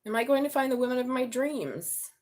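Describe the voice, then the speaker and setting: A woman's voice: sits high, expressive, a little fast, a little mellow. A middle-aged woman reading tarot on a casual live stream, blunt and chatty, swearing freely. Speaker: tarot reader.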